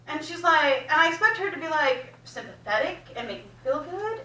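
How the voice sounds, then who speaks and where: A young woman telling a profane, animated stand-up story, laughing as she goes, in a small cafe room. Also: high-pitched, brisk, distant mic. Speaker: stand-up comedian. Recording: echoey room, mic heard from afar.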